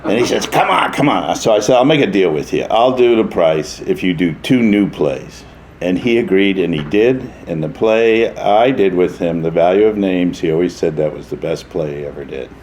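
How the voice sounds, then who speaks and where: A man's voice: sits low, normal speed, a little hiss or hum. An older man telling theatre anecdotes as an interview guest, acting out other people's voices and laughing often. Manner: animated raconteur, acts out voices, laughs often. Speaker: interview guest, veteran stage actor. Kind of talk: anecdotal storytelling.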